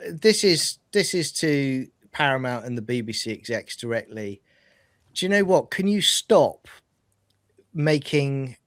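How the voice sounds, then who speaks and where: A man's voice: medium pitch, no room sound, studio quality. A British man co-hosting a podcast in casual chat, ranting with exasperation and putting on mocking voices. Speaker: podcast co-host.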